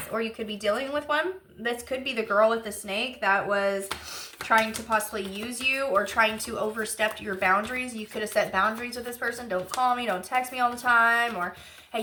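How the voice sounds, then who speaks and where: This is a woman giving a channeled tarot reading in a relaxed, rambling way. Her voice is bright and rather high. She talks with open emotion and piles in fillers as she works through what she is sensing. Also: a little hiss or hum. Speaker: intuitive tarot reader.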